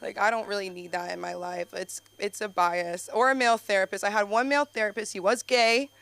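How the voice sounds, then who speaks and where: A young woman doing an open mic stand-up set, rambling and chatty with lots of fillers, sometimes jumping into high excited bursts. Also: a little fast, gravelly, smooth. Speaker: stand-up comedian. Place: comedy club stage.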